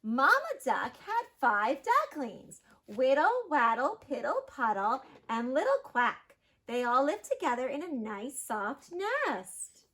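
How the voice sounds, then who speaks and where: A woman teacher giving a phonics lesson to young children, sounding out words and gasping with excitement. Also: on the high side, a little slow.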